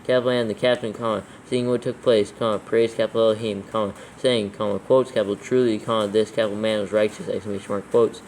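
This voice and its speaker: A man reading scripture aloud for proofreading, haltingly dictating each punctuation mark. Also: lowish voice, steady tone, darkish tone, poor audio. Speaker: proofreading reader. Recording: faint background noise.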